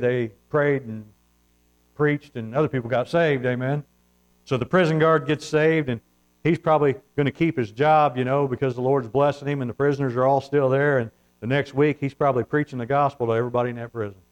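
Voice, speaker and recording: A man's voice: medium pitch, poor audio. Man preaching a storytelling sermon. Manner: retells scripture with acted-out quotes, calls "amen?".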